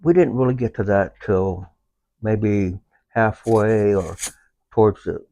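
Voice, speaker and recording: A man speaking as a veteran guest in a casual conversation about his service dog, pausing often with fillers as he talks. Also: on the low side, mellow, no echo. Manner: halting, unhurried, with many filler pauses.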